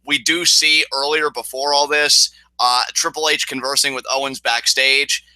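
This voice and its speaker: A man co-hosting a casual wrestling review podcast, excitable and swearing as he recaps. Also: mid-range voice, moderate pace, clear, resonant tone, no echo, poor audio. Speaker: podcast co-host.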